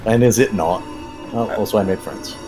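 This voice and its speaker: A man's voice: fairly low pitch, moderate pace, darkish tone. Dry-witted man in gaming chat. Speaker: gaming partner. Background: game music.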